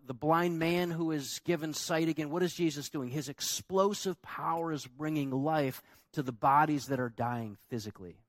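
A man's voice: a little high, dry recording. A man preaching a sermon as pastor, emphatic and conversational, asking the congregation rhetorical questions.

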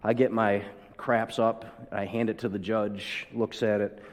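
A man's voice: fairly low pitch, flat delivery, unhurried. A man preaching a sermon to a congregation, telling a personal story and acting out the voices in it, building to emphatic peaks. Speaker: pastor. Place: church hall. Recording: long hall reverb.

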